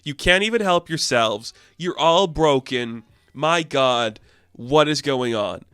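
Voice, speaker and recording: A tipsy older woman scolds with fussy exasperation, as a man puts her on in a raised voice. The sound is crisp and clean, close and dry with no room around it. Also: medium pitch, lively intonation, takes it slowly, a bit bright, dry recording. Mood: exasperated.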